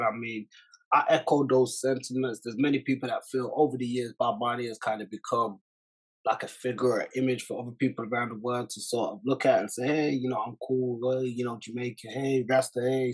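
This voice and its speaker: Husky-voiced man hosting a commentary video. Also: medium pitch, poor audio. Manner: reflective, measured, uses many fillers. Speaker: channel host.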